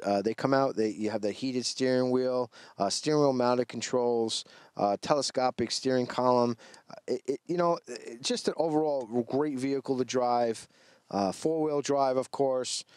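A man's voice: mid-range voice, a little mellow, dry recording, clean studio sound. A man, presenting cars in a dealership commercial, chatty and hesitant with many fillers. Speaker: car salesman co-host. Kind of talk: unscripted car dealership commercial banter.

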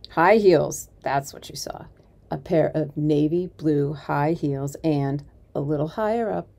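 A woman reading a children's novel aloud as a community volunteer, expressive and varied, dropping softly at times. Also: low voice, gravelly. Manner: expressive, varied storytelling with soft dips.

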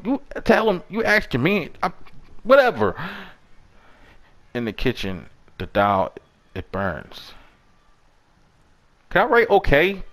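A young man giving profane, excitable commentary while playing a horror game. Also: high-pitched, a little slow, pauses often. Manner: profane, loud outbursts at the game. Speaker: gaming YouTuber.

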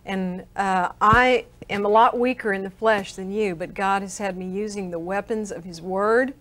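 A woman's voice: mid-range voice, steady tone, normal speed, a bit bright, dry recording. An older woman, an interview guest, earnestly recounting a personal story and acting out the dialogue she remembers.

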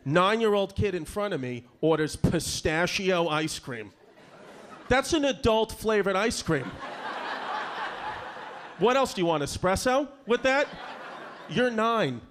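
A man's voice: sits high, very animated, takes it slowly, pauses often, fairly bright tone. A man doing a brash, profane stand-up set with crowd work. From Brooklyn, New York. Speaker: stand-up comedian. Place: comedy club stage before a live audience. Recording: live club recording with audience noise. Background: audience laughter.

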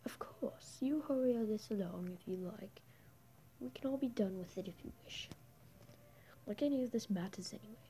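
Reading game dialogue aloud, a woman plays a menacing Australian drifter, a grizzled homeless man who is taunting and unhinged, using a mocking, mostly whispered drawl. Her voice is mid-range, warm and close to everyday speech, at a moderate pace. The recording is low-quality with slight background noise.

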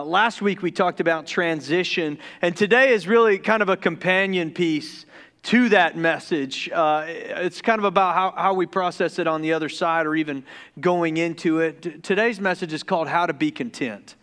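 A man from the Deep South preaching a casual, joking sermon as pastor, who stumbles over his words when excited. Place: church sanctuary.

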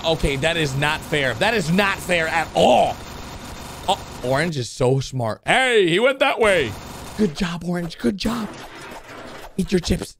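A man hosting a video channel, giving excited play-by-play commentary on cartoons and breaking into sudden high-pitched shouts. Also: slight background noise. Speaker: YouTube host reacting to cartoons. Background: background music.

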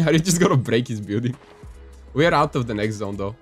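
Excitable young man narrating gameplay. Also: mid-range voice, quick pace, soft background music. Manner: excitable, joking, playful exclamations. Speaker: gaming youtuber. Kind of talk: casual gameplay commentary.

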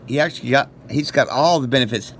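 A man baits phone scammers with crude, cheerfully absurd rambling. His pitch sits right in the middle of the range, and a faint hiss of noise runs under his voice. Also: fast talker, a bit bright. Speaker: prank caller baiting scammers. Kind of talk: casual phone prank banter.

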